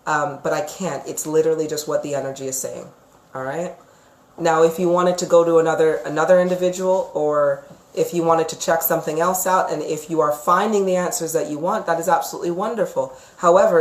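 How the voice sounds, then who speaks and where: A woman giving psychic readings on a live stream, chatty and emphatic, sometimes ranting. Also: sits low. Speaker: psychic reader. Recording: echoey room.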